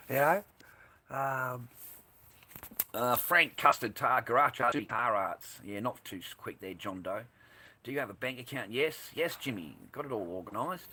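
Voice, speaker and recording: An Australian man talks loosely to viewers on a livestream, swearing freely and drifting from one thought to the next. His voice is bright and forceful, pitched in an ordinary male middle range. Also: lively intonation, measured pace, breathy edge. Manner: blunt, rambling, swears freely; reads and answers live chat. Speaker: livestream host. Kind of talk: casual livestream chat.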